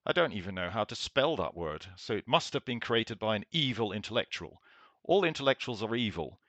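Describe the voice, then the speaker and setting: A man's voice: medium pitch, fairly bright tone, no echo. A man doing a satirical impression of a boastful, blustering president who praises himself over and over in simple words. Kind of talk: satirical letter read in character. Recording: dull lo-fi dry recording.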